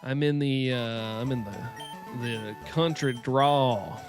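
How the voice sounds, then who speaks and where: A man with a light Southern US accent, casually chatting with his stream's viewers, upbeat and quick to laugh. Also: mid-range voice, music in the background. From Southern United States. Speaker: live-stream host. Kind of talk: casual live-stream chat, reading chat.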